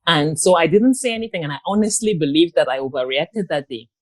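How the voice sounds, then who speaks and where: A grown woman giving an interview guest's personal account, talking in a halting way with many pauses and restarts. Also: sits low, animated. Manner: halting, with frequent ums and restarts. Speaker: guest, abuse survivor and author.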